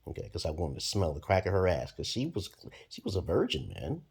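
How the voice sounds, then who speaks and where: A man in his forties from Brooklyn, New York, giving a profane, rambling monologue to camera with sudden loud jumps. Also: low-pitched, huge pitch swings, a little fast, creaky, husky. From Brooklyn, New York, USA. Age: 40s. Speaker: vlogger.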